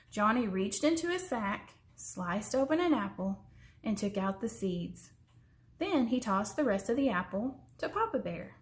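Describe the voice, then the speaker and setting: Slow, expressive woman reading a story. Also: medium pitch. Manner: expressive, slows down for suspense, sometimes drops to a whisper. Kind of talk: reading a children's story aloud.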